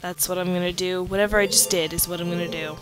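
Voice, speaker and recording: A sleepy young woman giving casual commentary over her gameplay, yawning and halting between fillers. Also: fairly low pitch, steady tone. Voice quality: drowsy, halting with many fillers. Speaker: let's play commentator. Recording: game music behind voice. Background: game music.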